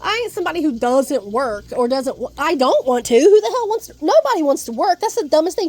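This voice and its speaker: A woman's voice: sits high, big pitch swings, fairly quick, hardly any pauses, a little mellow. A woman vlogging at home in a rambling, profane rant, laughing between her thoughts. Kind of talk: casual rant to camera. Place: at home, indoors.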